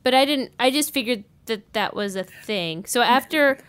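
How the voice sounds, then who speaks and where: A woman co-hosting a casual podcast chat, telling a story in a relaxed way. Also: a little high, normal speed, clean tone. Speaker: podcast co-host.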